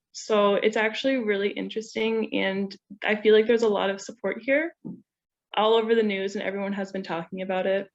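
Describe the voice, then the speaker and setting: Young woman, gravelly fry, casual, dull lo-fi call audio. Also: medium pitch. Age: young adult. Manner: casual, heavy use of "like" and "um". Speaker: student panelist. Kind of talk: casual panel chat. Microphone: video call.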